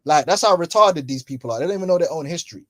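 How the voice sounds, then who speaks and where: A man preaching in loose street slang, mocking his listeners and laughing between points. His voice sits a little high, and the sound is close and dry with no room. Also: animated, rapid-fire, fairly bright tone, no room sound. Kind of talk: casual religious commentary. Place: London.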